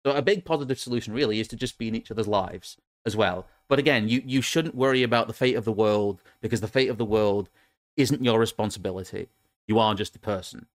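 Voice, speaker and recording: A man's voice: lowish voice, fast talker, no room sound. A man from England hosting a casual political talk show, rambling with frequent restarts and laughs. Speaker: podcast host.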